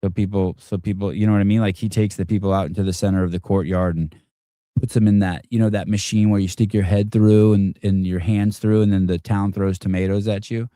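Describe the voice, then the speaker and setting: A man's voice: lowish voice, little pitch movement, brisk, dark tone, no room sound, clean studio sound. A man hosting a live stream, chatting casually in a rambling, joking way with frequent swearing. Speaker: podcast host.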